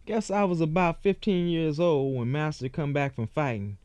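A man's voice: a little high, moderate pace, a little mellow, no room sound. A man giving a dramatic first-person reading of a former slave's account, telling it in folksy rural dialect.

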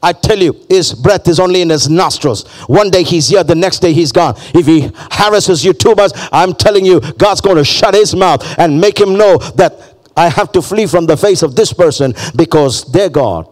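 A man's voice: fairly high pitch, normal speed. A male pastor preaching a fervent sermon, repeating phrases and calling on the congregation to respond.

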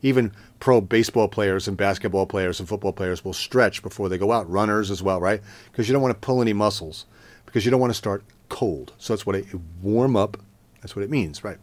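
A man teaching singing, explaining warm-ups in a plain, conversational way and breaking into sung scale demonstrations. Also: lowish voice, a little fast, no room sound. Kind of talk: vocal lesson with sung demonstrations.

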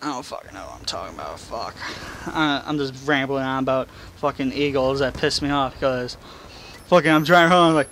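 A man's voice: mid-range voice, expressive, a little fast, fairly bright tone, a little hiss or hum. A young man rambling and swearing through gameplay commentary at home, mocking himself as he goes. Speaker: gaming channel host. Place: room in his house. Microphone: face cam desk mic.

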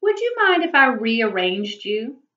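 A woman voicing a gentle, polite male hermit crab from a storybook, speaking slowly and admiringly. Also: a little high, big pitch swings, full character voice. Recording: echoey room, dull lo-fi.

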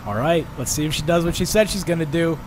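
A man's voice: fairly high pitch, quick pace, noisy background. A young man hosting a podcast, telling a comic story in a rambling, self-mocking way. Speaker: podcast host.

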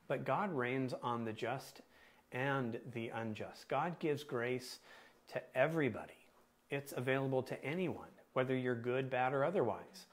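A man preaching a sermon as pastor, asking the congregation questions and pausing to stress words. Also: mid-range voice. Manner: asks the congregation questions, deliberate emphatic pauses.

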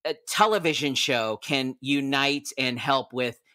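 A man's voice: medium pitch, a little slow, bright, forceful tone. A man co-hosting an interview, asking long rambling questions with plenty of fillers. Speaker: podcast co-host. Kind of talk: casual interview talk.

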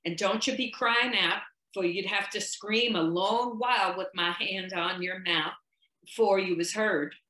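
A woman doing a quiet, grim man's voice. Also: echoey room, rough recording. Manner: quiet, low and deliberate speech. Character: grim, quiet male orderly, steady and menacing.

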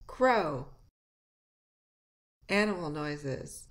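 A woman teacher reads a children's lesson slowly, her speaking voice sitting fairly low. She sings a nursery rhyme and jumps to high, loud imitations of animals and noises as she goes. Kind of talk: slow read-aloud lesson for children.

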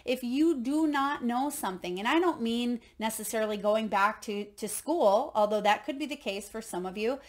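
A woman doing an oracle card reading as an intuitive coach, speaking gently and encouragingly to her viewers. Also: a little high. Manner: gentle, encouraging, tells parables.

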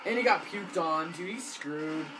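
A man casually commentating co-op gameplay with friends, excitable, often yelling and laughing. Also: a little high, a little slow, background noise. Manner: excitable, yells and laughs during fights. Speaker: gamer playing co-op with friends.

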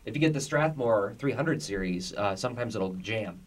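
Male podcast host, lowish pitch; animated and chatty, restarts a lot. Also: normal speed. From United States. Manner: animated, laughs easily, talks in restarts. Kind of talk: casual chat.

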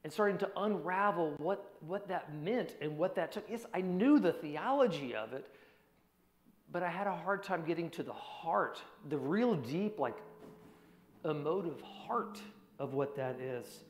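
A man preaching a personal testimony sermon in an earnest voice, dropping to a hushed tone at heavy moments. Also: on the high side, lively intonation, a little slow. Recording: echoey hall.

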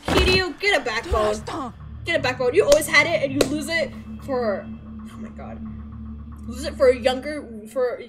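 A young woman streamer giving casual, expressive gameplay commentary, swearing and ranting at the story. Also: high voice, normal speed. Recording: game music behind. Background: game music.

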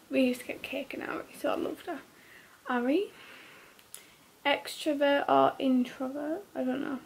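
A young woman vlogging, reading out quick questions and giving terse, offhand one-word answers. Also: sits high, fairly even intonation, vocal fry, slight background noise. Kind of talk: casual question-and-answer vlog.

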